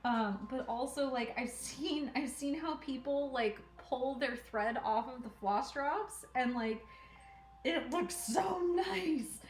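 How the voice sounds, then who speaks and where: In an echoey room with faint music playing, a woman speaks slowly in a high voice while hosting a crafting livestream. She chats casually and giggles as she sorts thread at home, talking to herself and to her cat while she works.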